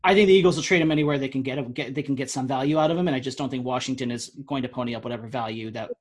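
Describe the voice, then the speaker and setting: A man's voice: mid-range voice, racing. A man co-hosting a casual sports podcast, opinionated and emphatic. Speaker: podcast co-host.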